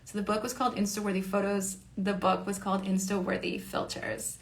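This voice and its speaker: A woman's voice: medium pitch, level tone, a little fast, a little hiss or hum. A woman creator talking in a casual monologue, rambling, swearing freely and saying "like" constantly. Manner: rambling and profane, heavy use of "like". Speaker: online creator and educator.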